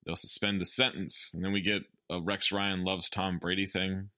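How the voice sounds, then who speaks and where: A man's voice: low voice, little pitch movement, moderate pace, sharp tone, no room sound, clean studio sound. A man hosting a casual podcast, recapping a movie's plot and swearing freely, with laughs between jokes. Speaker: podcast host recapping a film. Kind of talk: casual chat.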